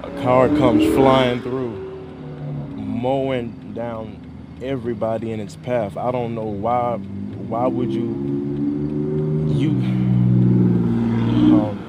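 A man recounts events hesitantly, outdoors at a gas station. His speech is slow and flat, with traffic clearly audible behind him. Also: medium pitch. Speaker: eyewitness. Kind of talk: street interview. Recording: loud traffic noise outdoors.

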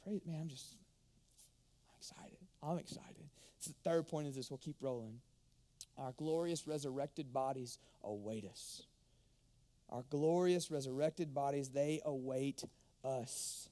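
A man, preaching a sermon as pastor, emphatic and animated, sometimes dropping to a hush. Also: medium pitch, measured pace. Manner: animated, emphatic, drops to hushed tones.

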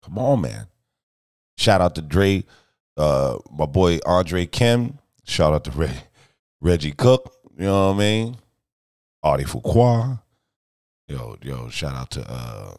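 A man's voice: a bass voice, big pitch swings, measured pace, darkish tone, dry recording. A middle-aged man chatting casually on a live stream from his home studio, boastful, joking and profane, rambling loosely from one story to the next. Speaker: streamer and music video director.

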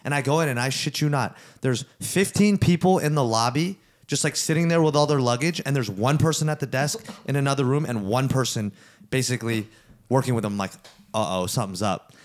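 A young man, a podcast co-host, telling a story in casual chat, animated and laughing as he swears. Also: mid-range voice, fairly quick.

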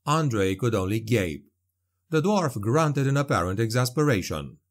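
A man reading a dark fantasy story aloud as an audiobook narrator, measured and vivid. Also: medium pitch, lively intonation.

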